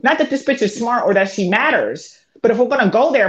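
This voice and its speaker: A woman's voice: fairly high pitch, expressive, brisk, few pauses. A woman lawyer co-hosting a livestream, talking in a heated, emphatic, profane way. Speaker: co-host and lawyer. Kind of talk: livestream commentary. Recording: dull lo-fi audio.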